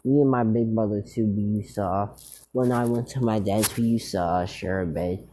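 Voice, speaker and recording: A man's voice: lowish voice, steady tone, moderate pace, warm tone, a little hiss or hum. A man casually retelling a fan-made story, rambling with many fillers and restarts.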